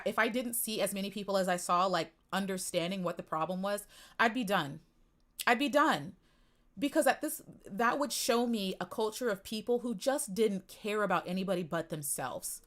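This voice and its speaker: A woman's voice: mid-range voice, fairly bright tone. A young woman live-streaming an upset rant about pageant fans, near tears, with her voice rising and falling as she repeats herself.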